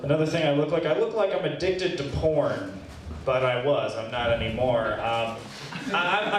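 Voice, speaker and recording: A young man with a fairly high voice works through a stand-up set, deadpan and self-deprecating, stumbling a little as the jokes land or don't. He is caught by a camera far from the stage, so the small room rings with echo and a light hiss of background noise sits under him. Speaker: stand-up comedian. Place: small comedy venue, open mic. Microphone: handheld stage mic, recorded by a far camera. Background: faint room ambience.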